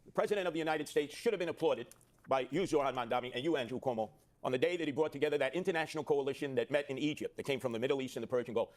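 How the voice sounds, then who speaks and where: A man speaking forcefully as a candidate in a televised debate, pressing his rivals. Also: medium pitch. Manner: forceful, interrupting.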